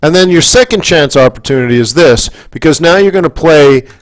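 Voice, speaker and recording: A little fast and with lively intonation, a Canadian man's slightly high voice coaches forex traders in live market commentary. He drifts into asides, checks in with viewers, and turns worked up and emphatic.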